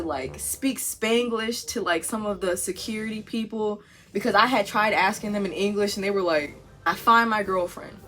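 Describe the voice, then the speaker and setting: A young woman tells a wild story straight to camera, slipping into the voices of everyone in it. Her voice is bright and swings widely in pitch. Faint music plays behind her. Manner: animated storytelling, acting out voices. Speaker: vlogger. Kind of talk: storytime vlog.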